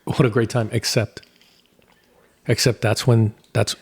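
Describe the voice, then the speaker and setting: Husky low-voiced playful man. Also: level tone, a little slow, darkish tone. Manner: playful, teasing, puts on a child's voice. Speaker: podcast co-host. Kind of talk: casual chat.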